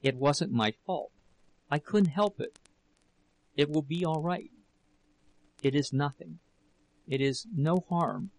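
A man voicing a desperate young woman who pleads tearfully with her husband, in a slow, gravelly reading. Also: on the high side, expressive, dry recording, rough recording. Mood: pleading.

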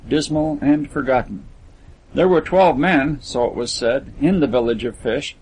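A man narrating a literary story as an audiobook, in a measured storytelling manner. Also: mid-range voice, vocal fry, breathy edge, low-quality recording.

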